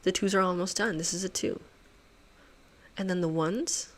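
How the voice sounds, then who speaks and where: A woman's voice: lowish voice, fairly even intonation, normal speed. A woman hosting a puzzle channel, talking to herself as she solves, muttering, swearing and laughing at herself.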